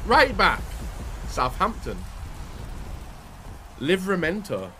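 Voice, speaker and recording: A young man doing excitable pack-opening commentary, often yelping and shouting while talking straight to his viewers. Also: high-pitched, slow, pauses often, breathy edge. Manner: excitable, yelps and shouts at the screen; talks to viewers as "guys". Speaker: YouTuber.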